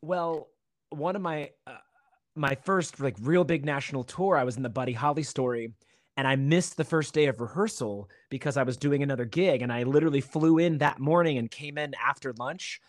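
Animated storytelling man, dry close sound. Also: mid-range voice, moderate pace, dry recording. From Virginia Beach, USA. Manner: animated storyteller, acts out quotes. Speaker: guest, stage actor. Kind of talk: casual podcast chat.

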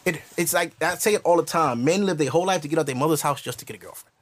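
A man hosting a podcast, ranting in casual comedic style, animated and profane. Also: on the high side, very fast. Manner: animated, profane storytelling with voiced asides. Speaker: podcast host.

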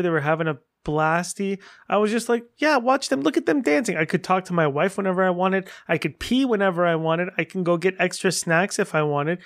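Chatty, animated podcast host, fairly high voice. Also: male voice. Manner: animated, rambling, gushing storyteller. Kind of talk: casual solo podcast update.

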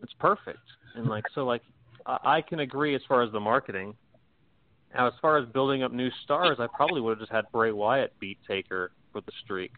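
A man with a medium-pitched voice, recorded with no echo and a tinny phone-like quality, argues his opinions in a laid-back chat. He's blunt, swears freely and laughs often.

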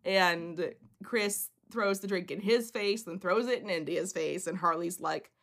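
A woman's voice: lowish voice, measured pace, a bit bright. A young woman co-hosting a podcast in casual chat, playful and teasing, laughing often. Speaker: podcast co-host.

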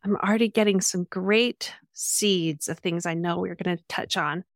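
A middle-aged woman coach speaking calmly and reflectively, with many affirming murmurs. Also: on the low side, moderate pace, no room sound, clean studio sound. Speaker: parenting coach. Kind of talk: coaching conversation.

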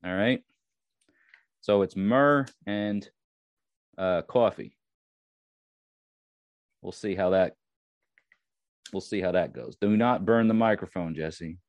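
A man with a Long Island accent talks in a deep, low voice, hosting a casual solo podcast. He rambles, restarting words and leaning on fillers. The sound is dry and close, with no room around it. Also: slow, long pauses, no room sound. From Long Island, New York. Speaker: podcast host.

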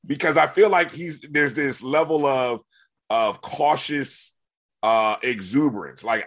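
A man's voice: medium pitch, measured pace, a bit bright. Man hosting a casual football talk. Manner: conversational, asks questions, many fillers and restarts. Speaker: sports show host.

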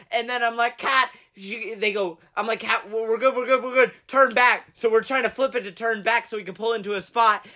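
A man's voice: extremely high pitch, bright, forceful tone. A man telling a funny story in casual chat, acting out the voices of the people in it and laughing often.

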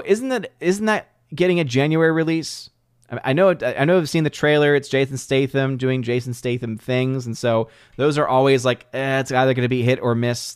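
A man's voice: medium pitch, no room sound, clean studio sound. A man in his thirties hosting a live stream, chatting casually and answering viewer comments, rambling with frequent restarts.

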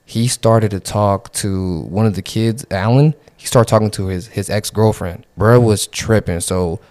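Laid-back low-voiced young man. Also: measured pace, a little mellow, dry recording. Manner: laid-back slangy narration with many fillers. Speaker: podcast co-host. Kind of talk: casual chat, storytelling.

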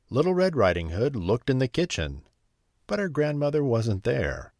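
A man reading a bedtime story aloud in a slow, soothing, expressive way. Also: medium pitch, no echo, studio quality.

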